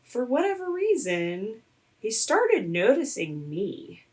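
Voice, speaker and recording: A young adult woman, a content creator, telling a story in a casual vlog with animated sarcasm. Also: a little high, takes it slowly, breathy edge. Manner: animated and sarcastic, laughing often.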